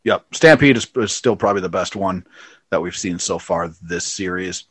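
A man casually chatting as a podcast co-host, laughing often and acting out quotes in a high, shouted voice. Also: normal speed, husky, no echo. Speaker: podcast co-host reviewing wrestling. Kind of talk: casual chat.

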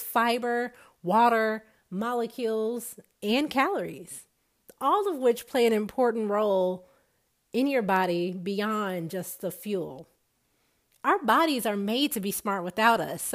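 A woman giving an emphatic motivational talk to an audience, repeating her points for effect. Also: medium pitch. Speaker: speaker on nutrition.

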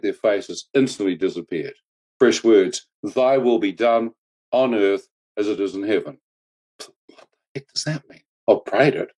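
Low-voiced aussie guy telling his near-death story, earnest and a bit wry. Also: darkish tone. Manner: earnest, reflective, with wry humor. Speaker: guest telling his testimony. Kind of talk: personal storytelling testimony.

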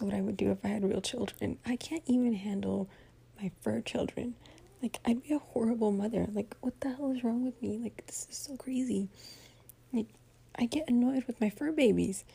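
A woman's voice: on the high side, normal speed, vocal fry, mellow, husky. A tired woman hosting a podcast as a casual spoken diary, venting in a chatty way with many fillers and some swearing. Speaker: podcast host. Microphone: home voice recording.

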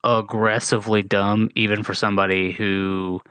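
A man with a lowish voice, recorded dry and close. He argues sports points in casual talk, pushing into emphatic bursts. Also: little pitch movement, normal speed, a bit bright, clear, resonant tone, no room sound. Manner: argumentative, rising to emphatic. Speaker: podcast co-host.

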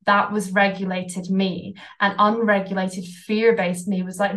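A woman's voice: medium pitch, steady tone, slow, low-quality recording. Candid woman guest, casual swearing. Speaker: podcast guest, coaching client. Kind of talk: candid conversational storytelling.

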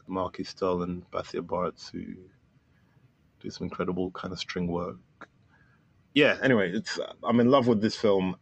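A man's voice: low-pitched, creaky, dull audio. A man guest on a podcast, talking casually and enthusiastically with many fillers about his film. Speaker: filmmaker guest.

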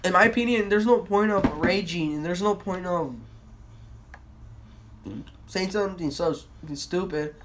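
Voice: medium pitch, unhurried, long pauses, a little hiss or hum. A young podcast host rants in a loose, rambling way, swearing freely and getting worked up while retelling stories. The voice is recorded on a phone with no proper microphone. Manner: excitable, profane, storytelling with quotes. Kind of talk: rambling casual rant. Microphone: phone without a mic.

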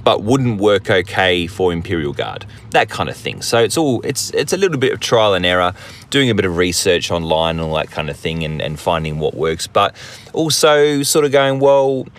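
An Australian man hosts a podcast in a casual, rambling monologue, full of jokes and self-mockery. His voice sits a little low. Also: very animated, moderate pace, a bit bright. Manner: rambling, jokey, self-deprecating, many fillers and restarts. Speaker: podcast host.

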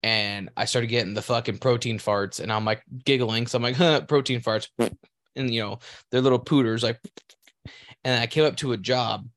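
A man on a podcast spins a long, crude story, rambling and breaking into laughter along the way. His voice sits at an everyday middle pitch. The mic is close and dry. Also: fairly even intonation, brisk, a bit bright, no room sound. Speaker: podcast co-host. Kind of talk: casual podcast chat.

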